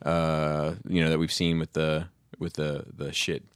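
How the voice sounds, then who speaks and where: Very deep-voiced laid-back man. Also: little pitch movement, a little slow, smooth, no room sound. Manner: laid-back, swears freely, laughs often. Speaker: podcast co-host. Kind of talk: casual chat.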